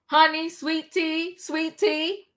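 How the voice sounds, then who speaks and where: A woman hosting a livestream, recapping a reality show in sassy, animated casual chat. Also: extremely high pitch, slow pace. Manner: animated, sassy, talks back to the people she recaps.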